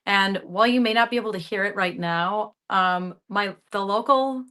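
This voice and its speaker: A woman's voice: mid-range voice, normal speed, sharp tone. A young woman actress from the Upper Midwest, with a regional accent, chatting animatedly in an interview and laughing often. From Upper Midwest, Michigan. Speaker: actress guest. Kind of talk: casual interview chat.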